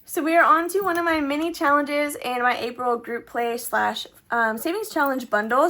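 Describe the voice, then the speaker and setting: High-voiced chatty woman vlogger. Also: a bit bright. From Texas. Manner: chatty, filler-heavy, upward-trailing sentence endings. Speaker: budgeting vlogger. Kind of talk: casual savings challenge vlog.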